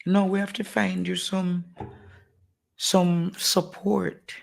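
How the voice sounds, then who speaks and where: Slow, gravelly host. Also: medium pitch, flat delivery. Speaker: live-stream host. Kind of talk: live-stream conversation.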